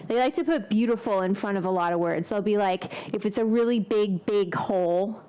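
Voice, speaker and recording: A woman's voice: medium pitch, fairly quick, dark tone, clean tone. A woman hosting a casual cooking vlog, rambling and thinking aloud as she chats. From United States. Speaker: cooking show host.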